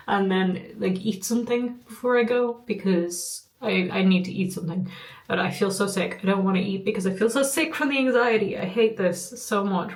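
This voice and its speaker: A young woman vlogging in a casual, chatty way, laughing often and poking fun at herself. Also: medium pitch. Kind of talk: casual vlog chat. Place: at home.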